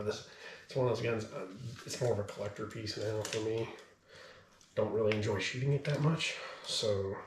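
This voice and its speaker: A man's voice: lowish voice, fairly bright tone, reverberant, far from the mic, a little hiss or hum, rough recording. Breathless rambling man. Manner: rambling, filler-heavy, laid-back. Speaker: gun reviewer. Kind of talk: casual talk to camera.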